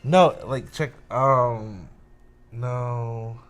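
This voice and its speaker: A man's voice: medium pitch, drawn-out words, no echo. Swearing laid-back young podcast guy. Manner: laid-back, swears freely, laughs often. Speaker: podcast co-host. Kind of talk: casual chat.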